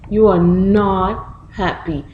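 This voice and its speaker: A woman with a Haitian accent reading a picture book to young children, explaining each word slowly and patiently in two languages. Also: medium pitch, steady tone, reverberant, muffled recording, slight background noise.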